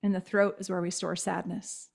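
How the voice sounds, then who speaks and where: A woman's voice: lowish voice, level tone, normal speed, vocal fry. A woman in her thirties, a guest speaker on a podcast, telling her own story in a candid and reflective way.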